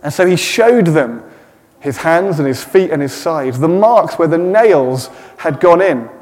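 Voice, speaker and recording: Preacher in an echoey church hall. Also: male voice, on the high side, animated, a little slow. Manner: warm, self-deprecating humour. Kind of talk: sermon.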